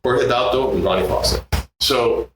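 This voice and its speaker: An older man from Puerto Rico, a guest bassist, telling stories in a casual interview and acting out other people's voices. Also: moderate pace, very echoey, noisy background. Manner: animated, acts out others' voices in quotes.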